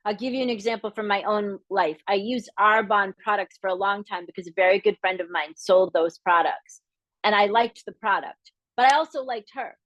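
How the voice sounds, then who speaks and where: A middle-aged woman from the area, teaching a live masterclass in a candid, lively way, acting out the voices she quotes. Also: mid-range voice, moderate pace, dry recording, muffled recording. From Boston area, Massachusetts. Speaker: business coach.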